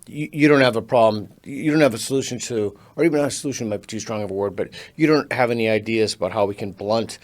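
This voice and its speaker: A man's voice: lowish voice, fast talker, few pauses. Man hosting a podcast, rambling questions. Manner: rambling questions with frequent backchannel agreement. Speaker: podcast host. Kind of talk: conversational podcast interview.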